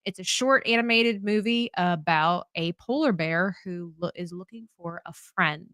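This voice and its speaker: A woman's voice: on the low side, unhurried, fairly bright tone, slight background noise. A woman chatting and laughing as she teaches drawing on a live stream. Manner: chatty, laughs often, teasing.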